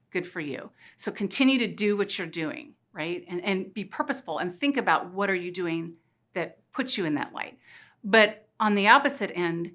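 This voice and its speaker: A middle-aged woman giving an energetic motivational talk, playful and full of rhetorical questions. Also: fairly low pitch. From Missouri. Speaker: keynote speaker. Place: conference stage.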